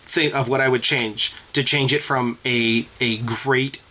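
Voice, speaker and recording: A man's voice: medium pitch, steady tone, measured pace, bright, forceful tone, a little hiss or hum. A man co-hosting a podcast, talking in a casual, rambling way, often breaking off mid-sentence and laughing. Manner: rambling, self-interrupting, laughing. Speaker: podcast co-host. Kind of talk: casual chat.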